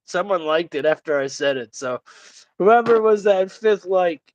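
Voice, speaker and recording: A man hosting a livestream talks in a crude, joking way and laughs a lot, often slipping into mock voices. His voice sits high for a man, and the sound is dry. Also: expressive, unhurried, dry recording. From Italian family background. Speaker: livestream host. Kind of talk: casual chat.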